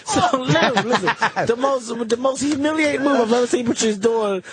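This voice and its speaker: Man telling a story, high voice, animated, swearing, does others' lines, crowd laughing behind. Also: brisk. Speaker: comedian guest. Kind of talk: casual storytelling.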